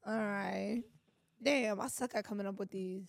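A woman's voice: medium pitch, steady tone, unhurried, vocal fry, dry recording, clean studio sound. A woman co-hosting a podcast in casual chat, joking and blunt, laughing often. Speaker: podcast co-host.

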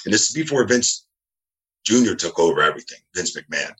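A middle-aged man from New Jersey, a guest telling animated, rambling stories in a casual interview. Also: sits low, brisk, low-quality recording. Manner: rambling, animated, acts out quoted dialogue.

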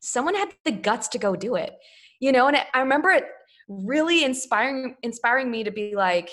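A woman's voice: on the high side, expressive, brisk, fairly bright tone. A woman, a Broadway performer, talking in an earnest, reflective way during a casual chat.

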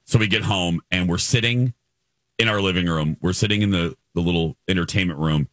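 A man's voice: low-pitched, fairly quick, a bit bright, no room sound. A man hosting a morning radio show in casual chat, telling stories with gleeful, playful exaggeration.

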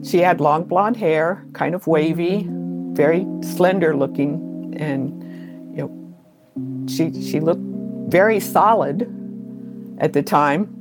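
A middle-aged woman recounting childhood memories in an interview, unhurried and full of pauses. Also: sits low, over music. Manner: slow, unhurried storytelling with pauses. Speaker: interview guest. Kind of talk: storytelling in an interview.

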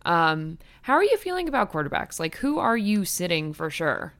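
A young woman co-hosting a fantasy football podcast in casual chat, a little groggy in the morning and chatty with drawn-out fillers. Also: lowish voice, big pitch swings, a bit bright.

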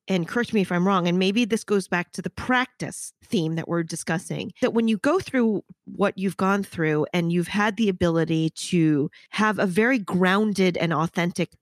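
A woman's voice: lowish voice, no room sound. A woman hosting a podcast, talking frankly and reflectively in long runs, cursing casually. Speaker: podcast host. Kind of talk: casual interview chat.

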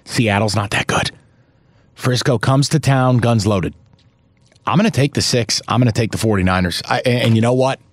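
Brief: male co-host, average pitch, dry mic, theatrical fake fury, curses freely. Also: normal speed, no room sound. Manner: theatrical mock outrage, profane, pitch jumps up sharply when riled. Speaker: sports betting podcast co-host. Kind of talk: casual sports betting chat.

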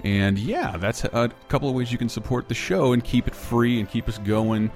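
A man's voice: medium pitch, moderate pace, a little mellow, soft background music. A man hosting a podcast, chatting casually, joking and swearing freely as he rambles. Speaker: podcast host.

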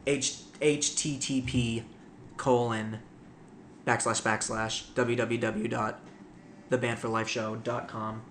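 A man's voice: medium pitch, level tone, slow, fairly bright tone, echoey room, slight background noise. A man co-hosting a casual podcast chat, rambling and hesitant with many fillers.

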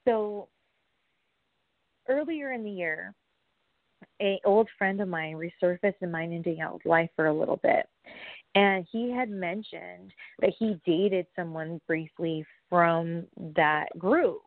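A woman telling a rambling story in a casual vlog, full of fillers and asides, dropping to hushed whispers and then bursting out. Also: fairly low pitch, takes it slowly, no room sound. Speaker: wrestler. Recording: tinny phone-like, dry sound.

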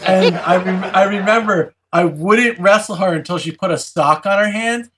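A man telling a childhood story in casual chat, animated and laughing as he goes. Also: sits high, moderate pace, noisy background.

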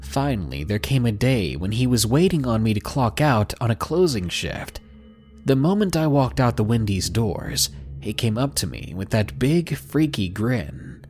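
A man's voice: mid-range voice, sing-song, unhurried, a little mellow, faint music behind. A man reading out a submitted story as scripted narration, with a dry, sardonic manner.

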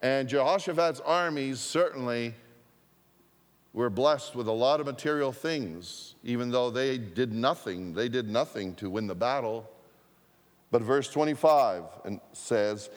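Slow, deliberate male preacher in a hall. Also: mid-range voice, lively intonation. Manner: slow, deliberate storytelling with repetition. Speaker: pastor. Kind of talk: sermon. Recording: long hall reverb.

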